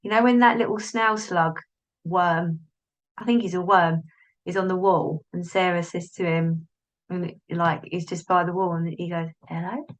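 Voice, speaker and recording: A woman's voice: on the low side, fairly even intonation, measured pace, low-quality recording. A woman hosts a solo podcast and talks straight to the listener. She is chatty and often cuts herself off mid-sentence to restart, and she slips into little inner voices as she goes. She is recorded on a device's built-in mic rather than a plugged-in one. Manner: chatty, self-interrupting, acts out inner voices. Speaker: podcast host, business coach. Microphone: device's built-in mic, not the plugged-in one.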